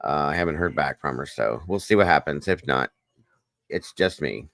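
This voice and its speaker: A man's voice: rumbling low, lively intonation, moderate pace, gravelly, fairly bright tone, no echo. A man hosting a casual livestream, greeting viewers by name and chatting with them, wired on coffee. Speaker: livestream host. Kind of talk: casual livestream chat reading comments.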